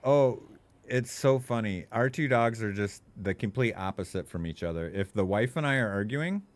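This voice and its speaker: Lively low-voiced male game streamer. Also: normal speed. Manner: animated, profane, laughs often. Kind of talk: gaming commentary.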